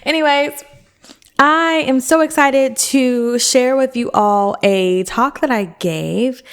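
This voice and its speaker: A woman's voice: high-pitched, takes it slowly, clean tone. A woman therapist and coach hosting her own podcast, talking in a chatty, upbeat, rambling way with many fillers. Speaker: self-worth therapist and coach, podcast host. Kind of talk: casual podcast monologue.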